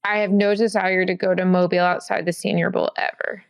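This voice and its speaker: A young woman reporter in casual sports podcast chat, telling stories in a wry, relaxed way. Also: fairly low pitch, brisk, clean tone.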